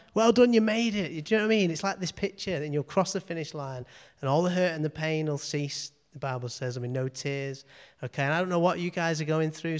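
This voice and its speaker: A man preaches an informal sermon to a small congregation, earnest and personal, circling back to the same plea again and again. His voice sits a little high for a man and comes through smooth and clear. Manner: earnest, repeats phrases, frequent "okay". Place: church meeting room.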